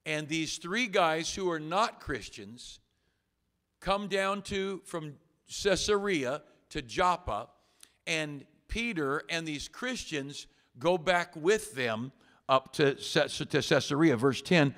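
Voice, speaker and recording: A man's voice: on the high side, lively intonation, unhurried, a bit bright. A man, a pastor, giving a folksy church sermon, acting out conversations and chuckling often.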